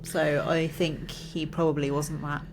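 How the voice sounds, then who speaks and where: A woman's voice: low voice, level tone, background noise. A woman co-hosting a podcast, telling the story in casual chat and breaking into laughter. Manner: unhurried storyteller, bursts into laughter. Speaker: podcast co-host.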